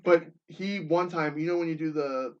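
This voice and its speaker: A man's voice: on the high side, normal speed, dull audio. A young man hosting a podcast, telling stories animatedly, swearing freely and acting out what people said. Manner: animated storyteller, swears a lot, acts out quotes. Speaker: podcast host. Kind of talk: casual chat.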